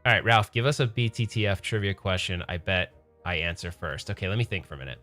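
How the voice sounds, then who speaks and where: A man's voice: sits low, fast talker, sharp tone, faint music behind. A man hosting a casual pinball livestream, rambling and correcting himself as he chats with viewers. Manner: rambling, self-correcting, chatty with chat. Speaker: pinball streamer host.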